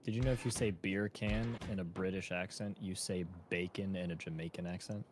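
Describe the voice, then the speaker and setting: Low-voiced man cracking jokes while gaming. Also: steady tone, brisk, a little hiss or hum. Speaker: co-player. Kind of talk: casual gameplay chat.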